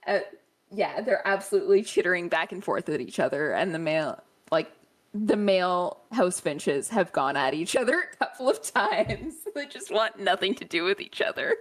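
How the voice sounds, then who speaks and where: A woman chatting casually before a tabletop game, telling an amused, animated story. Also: fairly low pitch, normal speed.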